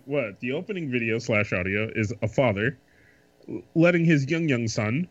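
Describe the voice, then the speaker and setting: A man's voice: mid-range voice, expressive, normal speed, a little hiss or hum. Wry, swearing man on a dull mic. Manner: wry, swearing, laughs through his sentences. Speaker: podcast co-host. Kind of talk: casual chat.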